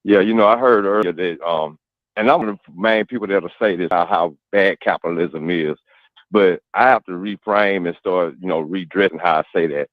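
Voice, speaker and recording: A man's voice: low-pitched, moderate pace, no room sound. Man, radio panelist, earnest, thinking aloud, dull dry sound. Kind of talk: reflective opinion on a radio panel.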